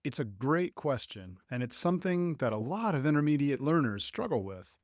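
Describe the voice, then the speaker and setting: A man hosting a podcast episode, giving a clear, deliberate, scripted lesson to English learners. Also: medium pitch, very animated, no echo, studio quality. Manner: slow, clear, deliberate delivery. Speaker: podcast host and English teacher.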